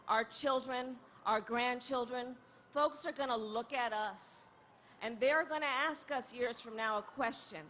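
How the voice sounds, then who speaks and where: A woman giving an impassioned protest rally speech outdoors, repeating a refrain and building to shouts. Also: on the high side, unhurried, slight background noise. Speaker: rally speaker.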